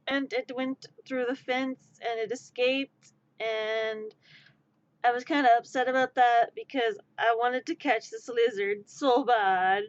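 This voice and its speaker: Giggly slow-talking woman streamer. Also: a little high, fairly even intonation, no room sound, highs cut off. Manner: giggly, rambling, easily amused. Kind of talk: casual live-stream chat.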